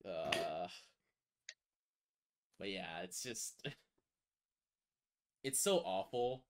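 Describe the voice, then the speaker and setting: A man's voice: low voice, expressive, drawn-out words, pauses often, slight background noise. A man hosting a casual podcast chat, laid-back, swearing and laughing often. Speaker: podcast host.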